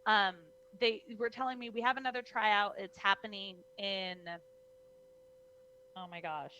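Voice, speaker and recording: Bright-voiced animated young woman storyteller. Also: medium pitch, a little slow, lo-fi sound, slight background noise. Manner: lively, acts out voices in her stories, many "like"s. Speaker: guest, professional wrestler.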